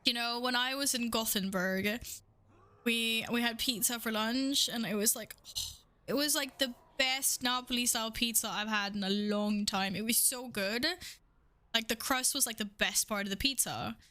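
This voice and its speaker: A woman's voice: on the high side, steady tone, normal speed, bright, forceful tone. A young woman streaming a game, chatting casually with her viewers, playful, swearing freely and laughing often. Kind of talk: casual live-stream chat.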